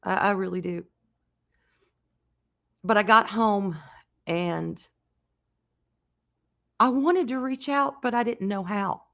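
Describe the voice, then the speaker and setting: A woman hosting a casual livestream, talking in a halting, emotional way with many restarts and reading out chat comments. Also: mid-range voice, gravelly, fairly bright tone, lo-fi sound. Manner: reads and answers chat comments. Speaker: livestream host.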